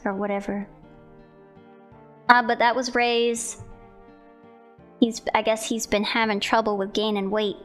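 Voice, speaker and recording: A woman's voice: a little high, a bit bright. A young woman streamer chatting casually about viewer art, rambling with giggles and self-corrections. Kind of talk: casual chat.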